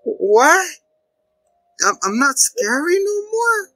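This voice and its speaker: A man's voice: sing-song, slow pace, pushed and bright, no room sound, soft background music, exaggerated voice. Man doing Pennywise as a whimpering crybaby clown. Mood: whimpering hurt. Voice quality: high whimpering voice. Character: whiny scared male killer clown monster, crybaby.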